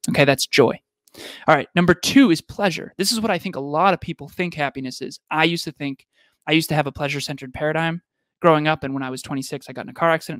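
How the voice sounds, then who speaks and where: A man's voice: a little high, a bit bright, no room sound, clean studio sound. A man co-hosting a live podcast, giving an emphatic, repetitive motivational talk. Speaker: podcast co-host.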